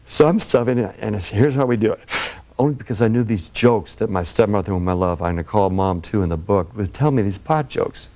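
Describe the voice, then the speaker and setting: A man's voice: lowish voice, expressive, brisk, few pauses, darkish tone. A man telling rambling, laughing anecdotes as a guest on a TV talk show. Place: TV studio.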